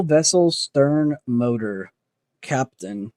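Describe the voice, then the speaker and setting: A man's voice: mid-range voice, lively intonation, normal speed, darkish tone, no room sound. Man muttering word guesses on stream. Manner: muttering guesses, self-mocking, reacting to chat. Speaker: livestream host. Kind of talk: casual livestream chat while playing a word game.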